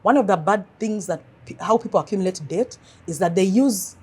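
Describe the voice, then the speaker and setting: A woman financial coach giving earnest advice in an interview, telling animated stories. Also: medium pitch, brisk, husky.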